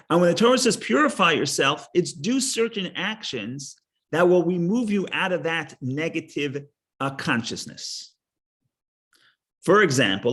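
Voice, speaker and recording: In a voice on the high side, a man halts his way through a Torah lesson, restarting and repeating words as he goes. Stories and jokes carry his explanations.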